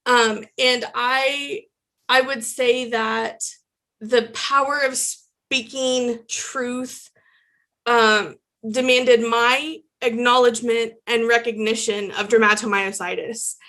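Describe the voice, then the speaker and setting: A woman reflecting on speaking up as a patient, heartfelt and halting, with many fillers. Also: a little high, fairly even intonation, fairly bright tone. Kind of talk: personal reflection.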